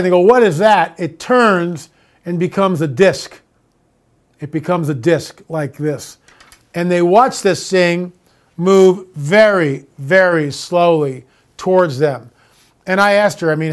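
Male host, high voice, emphatic and mocking monologue. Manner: emphatic, mocking, drops to a hush for tense moments. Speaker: show host. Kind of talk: opinionated monologue and storytelling.

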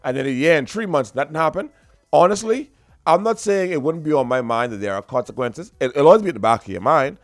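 A man co-hosting a casual talk show, animated, his voice jumping high when he makes a point. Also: fast talker, dry recording. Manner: animated, pitch jumps high when emphatic. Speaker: podcast co-host. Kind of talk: casual chat.

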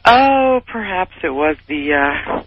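A man's voice: high-pitched, big pitch swings, slow. A man in his thirties calling into a radio talk show, earnest and eager. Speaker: caller. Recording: dull phone line on radio.

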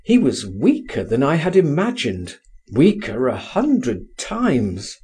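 Slow expressive husky male narrator. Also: mid-range voice. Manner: expressive, persuasive, lively intonation. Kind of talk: audiobook narration.

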